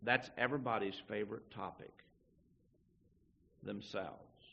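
Folksy preacher man, bright lo-fi tape. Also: medium pitch, animated, normal speed. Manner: folksy, acts out little dialogues. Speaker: pastor. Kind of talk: sermon.

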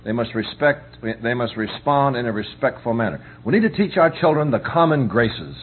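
Folksy middle-aged preacher on a tinny line. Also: male voice, medium pitch, expressive, normal speed, soft background music. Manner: folksy, keeps asking "you understand?". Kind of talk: conversational sermon on parenting. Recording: tinny phone-like recording with faint hum.

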